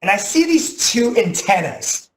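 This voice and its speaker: A man in his thirties telling a personal story as a motivational talk, animated, often saying "like", with loud bursts at dramatic moments. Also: sits high, measured pace, slight background noise. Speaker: teacher giving a motivational talk. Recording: echoey room.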